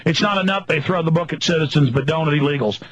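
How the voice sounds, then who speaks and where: A man's voice: a little high, quick pace, fairly bright tone, slightly rough, no echo. A man hosting a talk radio show, ranting angrily and mockingly in long emphatic lists. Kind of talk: angry political radio rant. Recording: dull lo-fi radio broadcast.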